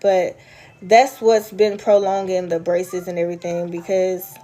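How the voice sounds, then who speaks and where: A woman's voice: on the low side, level tone, a little slow, warm tone, soft background music. A woman chatting casually with her viewers, rambling from story to story and answering their comments. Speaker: vlogger. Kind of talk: casual live chat with viewers.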